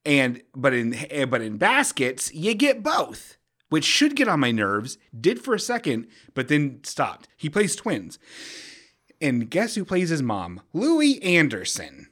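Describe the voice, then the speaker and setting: Animated, rambling bright-voiced man. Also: fairly high pitch, unhurried. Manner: rambling, animated, self-interrupting with jokey bits. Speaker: podcast host. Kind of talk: casual comedic podcast chat.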